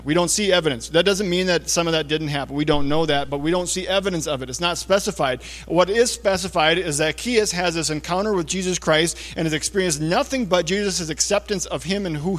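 A man preaching a conversational sermon, checking in with listeners with little asides and often dropping to a low, hushed voice for emphasis. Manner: casual, talks to listeners with frequent checks like "okay?" and "all right?". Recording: long reverb of a large hall.

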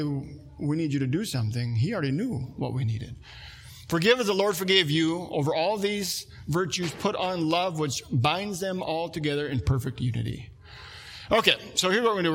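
Husky high-voiced male preacher. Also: a bit bright. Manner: conversational, asks the congregation questions. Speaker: pastor. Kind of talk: sermon.

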